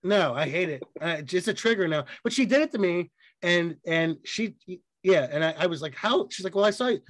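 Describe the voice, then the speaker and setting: A man with a fairly high voice co-hosts a casual podcast chat, recorded dry and close on the mic. He swears freely and tells animated stories, acting out the people in them. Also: a little fast, no echo. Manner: profane, animated storytelling with acted quotes. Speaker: podcast co-host.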